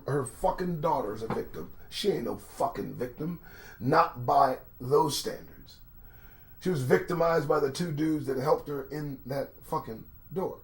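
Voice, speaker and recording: A man hosting his own show, reading news aloud and commenting in a profane, animated way, swinging from muttered asides to near shouts. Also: on the high side. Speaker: host.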